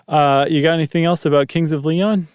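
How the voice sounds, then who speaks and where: A man's voice: a little high, steady tone, brisk, darkish tone, clear, resonant tone, no echo, studio quality. A man co-hosting a podcast in casual chat, loose and joking, rambling with fillers. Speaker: podcast co-host.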